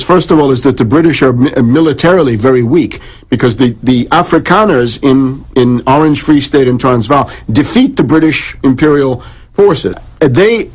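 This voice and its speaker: Husky man lecturing as a radio guest. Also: fairly high pitch. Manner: discursive, many restarts and repeated words. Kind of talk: radio interview, lecturing on history.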